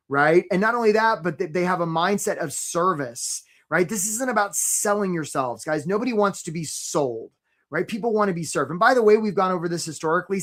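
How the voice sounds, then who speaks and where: Hosting a live career-coaching webinar, this man has a high-pitched voice and a lively, conversational style, frequently tossing in "right?"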